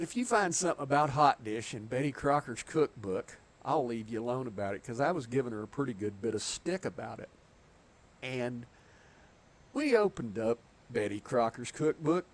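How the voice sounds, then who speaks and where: Middle-aged Southern US man, gravelly, chatty game streamer who chuckles a lot. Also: mid-range voice. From southeastern United States. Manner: chatty storyteller, chuckles often. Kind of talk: casual chat while gaming.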